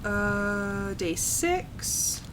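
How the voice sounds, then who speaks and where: A young woman streaming a horror game live, working slowly through puzzles and breaking into frightened exclamations. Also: mid-range voice, expressive, noisy background. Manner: jumpy, frightened exclamations between slow puzzle-solving. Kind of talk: live gameplay commentary.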